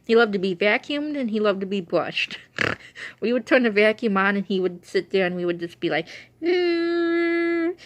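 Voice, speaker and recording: A woman telling rambling, laughing stories in casual chat, with a runny nose and a cough. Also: mid-range voice. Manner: chatty, meandering, laughs often. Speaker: vlogger telling stories about her late dog.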